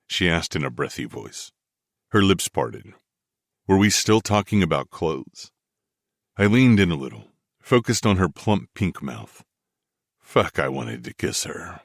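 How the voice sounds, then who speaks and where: A man narrating a first-person romance audiobook in a measured, expressive way. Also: sits low, gravelly, no room sound, studio quality.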